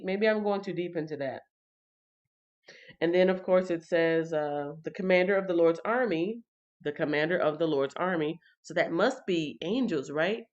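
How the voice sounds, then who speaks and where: A woman reads and chats through a casual livestream Bible reading, speaking straight to her viewers. Her voice sits a little low. The sound is dull and lo-fi, like a home livestream mic. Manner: chatty, talks straight to chat viewers. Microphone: computer or phone mic on a livestream.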